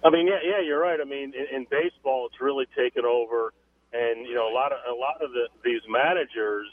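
A man's voice: mid-range voice, a little fast, phone-quality sound. A man appearing as a guest on sports radio, speaking casually and often repeating words as he thinks.

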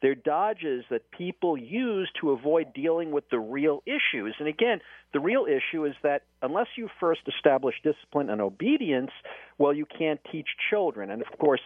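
A man in his fifties from New York City, talking on radio in a forceful, emphatic way and waving off opposing views. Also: medium pitch, no echo. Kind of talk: opinionated radio talk. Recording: tinny phone line.

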